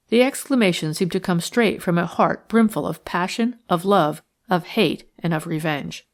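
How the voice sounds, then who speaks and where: A woman narrating a classic detective novel in a measured, even storytelling manner. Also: on the low side. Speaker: audiobook narrator. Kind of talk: scripted narration.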